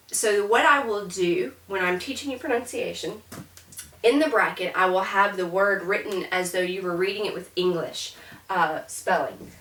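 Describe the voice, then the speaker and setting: A woman's voice: medium pitch, fairly bright tone, slight background noise. Woman, French teacher, chatty classroom lecture, mic placed well back in a roomy space. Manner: chatty, repeats words to model pronunciation. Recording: echoey room from a distance.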